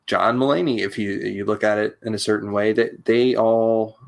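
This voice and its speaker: A man's voice: on the low side, fairly even intonation, moderate pace, creaky. A man, a comedian guest, chatting casually in a loose, laid-back way, full of fillers. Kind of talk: casual chat.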